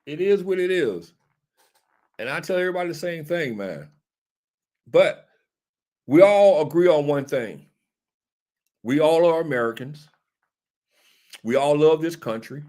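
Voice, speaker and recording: His voice is a little high and a little mellow, with lively intonation, a measured pace and frequent pauses. As a talk show host doing casual political commentary, he speaks directly to a live audience, answers viewers, and repeats his points emphatically in a sermonizing manner.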